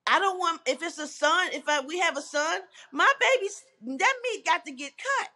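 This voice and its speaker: A woman's voice: very high voice, lively intonation, moderate pace, sharp tone. A woman guest talking candidly and bluntly, swearing and laughing as she goes. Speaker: interview guest. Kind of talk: casual, candid chat.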